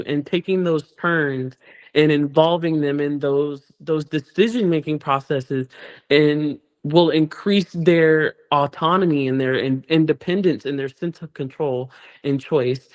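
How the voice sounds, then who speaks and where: A man's voice: fairly high pitch, a little slow. A man presenting an educational talk on child behavior, explaining step by step and repeating words as he searches for phrasing.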